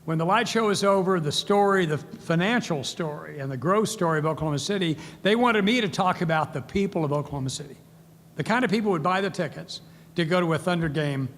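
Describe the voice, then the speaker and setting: In a large event hall, an older keynote speaker tells stories and acts out the voices of people he quotes. His voice is a little high and fairly bright, he speaks fast, and the recording has long hall reverb, faint ambience and slight background noise.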